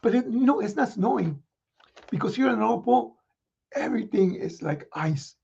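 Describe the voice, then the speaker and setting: Santa guy reading kids letters, high gravelly voice, chuckles a lot. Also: animated, a little mellow, highs cut off. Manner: chuckling, folksy, halting with fillers. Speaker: Santa Claus performer.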